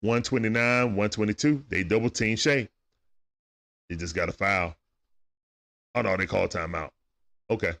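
A man's voice: on the low side, normal speed, vocal fry, pauses often, fairly bright tone. A man with speech doing loose, chatty play-by-play on a livestream, talking back to players and viewers. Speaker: livestream game commentator. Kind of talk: casual play-by-play commentary.

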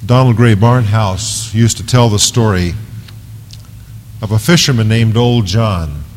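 A man's voice: fairly low pitch, a little slow, darkish tone, slight background noise. A male pastor preaching an earnest, emphatic expository sermon in a church. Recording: long reverb of a large hall.

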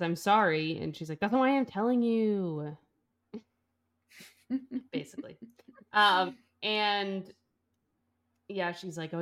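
A woman's voice: on the low side, creaky. Woman, podcast co-host, casual plot recap, quotes characters, easygoing. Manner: retells scenes, quoting characters with quick asides.

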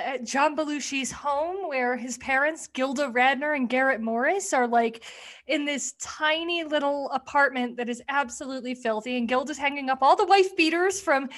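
A young woman with a high voice chats casually on a podcast. She recaps a sketch in an animated, swearing way and acts out the lines. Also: normal speed. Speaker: podcast co-host.

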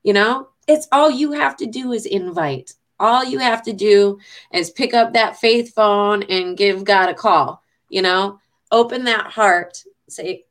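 A woman hosting a faith show, praying fervently and speaking warmly to viewers, given to repeating phrases and getting emotional. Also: mid-range voice, unhurried. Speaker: show host. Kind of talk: heartfelt prayer and chat to viewers.

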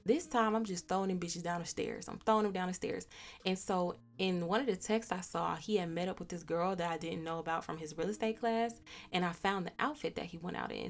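Young female host, lower register, blunt, animated personal storyteller. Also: a little fast. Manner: candid, profane, animated retelling with quoted dialogue. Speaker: podcast host.

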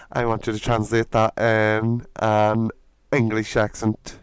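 A Northern Irish man, a drag performer guesting on a podcast, quick to laugh in casual chat. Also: fairly low pitch, monotone, clear, resonant tone, no room sound, low-quality recording.

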